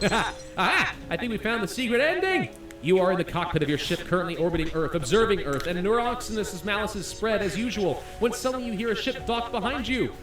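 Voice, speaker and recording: A man playing a game on video, excitedly reading its story text aloud and reacting with laughs. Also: high voice, brisk, roomy sound, recorded from a distance, soft background music. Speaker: gaming YouTuber.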